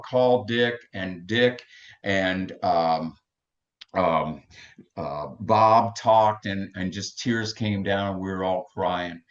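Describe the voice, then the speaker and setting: An older man gives a passionate, emotional storytelling talk as a recovery meeting speaker. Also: lowish voice. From Texas. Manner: passionate, emphatic. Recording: dull lo-fi recording.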